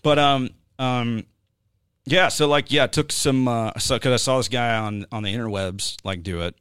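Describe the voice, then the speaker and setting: A man's voice: medium pitch, moderate pace, fairly bright tone, smooth, dry recording. A man hosting a podcast, chatting casually and rambling with lots of fillers and jokes. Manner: rambling, joking, many fillers. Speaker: podcast host. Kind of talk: casual chat.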